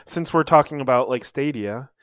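Male podcast co-host, mid-range voice, giggly and halting, dry close-miked. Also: mid-range voice, no echo. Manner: laughs often, hesitant, trails off quietly. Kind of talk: casual gaming news chat.

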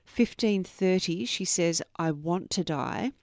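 A woman's voice: fairly low pitch, expressive, slow, darkish tone. A middle-aged woman hosting a true crime podcast, reading out quotes earnestly and adding personal asides. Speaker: podcast host.

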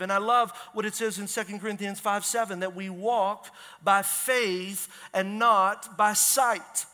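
A man preaching as a pastor in a church, energetic and conversational, asking the congregation questions. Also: high-pitched. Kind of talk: sermon. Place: church sanctuary. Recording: long hall reverb.

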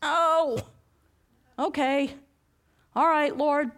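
A woman with a high voice preaches to her congregation and tells a personal story. She acts out the dialogue with animated swings and laughs often as she goes. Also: moderate pace, slight background noise.

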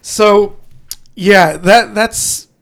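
High-pitched, gravelly man rambling. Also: extremely slow, fairly bright tone. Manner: rambling, profane storytelling with many restarts. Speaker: podcast co-host. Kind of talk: casual chat.

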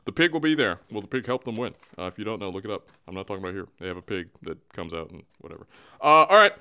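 A man's voice: fairly low pitch, very animated, racing, pushed and bright, clear, resonant tone. A man hosting a comedic sports show, loose and self-mocking, who keeps cracking up while reading the news. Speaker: podcast host and news reader.

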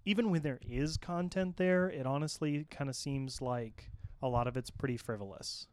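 A man's voice: medium pitch, normal speed, a little mellow, clear, resonant tone, no echo. A man hosting a gaming podcast, reading news items steadily with small restarts and casual asides. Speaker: host and news reader. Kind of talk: podcast news rundown with banter.

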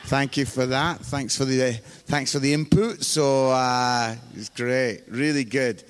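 A man's voice: mid-range voice, steady tone, slow pace, smooth. A middle-aged man from the UK preaching a sermon, chatty and self-mocking, telling funny stories and acting out the people in them. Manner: chatty, self-mocking, acts out quoted voices. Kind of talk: sermon with humorous storytelling. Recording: live hall with long reverb.

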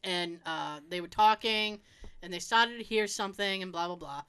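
A woman chatting casually, telling an animated story, laughing often and acting out the people she quotes. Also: medium pitch, normal speed, smooth.

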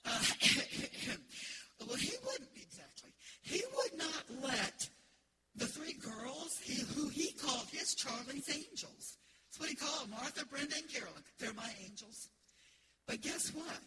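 A middle-aged woman from the United States, preaching an emphatic, animated sermon as pastor in a church. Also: sits high, a little slow, very noisy. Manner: emphatic, animated preaching with laughter and call-outs. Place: church sanctuary.

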